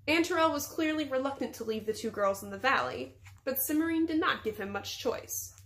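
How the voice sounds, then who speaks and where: A woman teacher reading a chapter book aloud to her class in steady storybook narration. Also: high-pitched, brisk.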